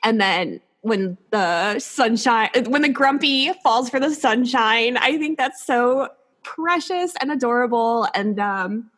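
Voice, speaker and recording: A woman's voice: on the high side, takes it slowly, fairly bright tone. Giggly enthusiastic woman guest. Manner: enthusiastic, laughs often, many fillers. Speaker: podcast guest. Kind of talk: casual chat.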